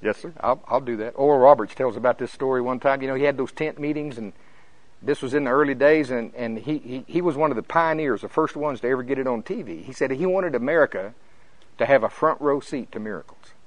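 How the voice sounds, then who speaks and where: An older man from Oklahoma preaching with fervor, his voice jumping high and loud in the storytelling parts. The sound is dry and close, with no room around it. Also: a little fast, dry recording, poor audio. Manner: fervent, preachy, rising to high excited peaks when telling stories. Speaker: pastor. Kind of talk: sermon.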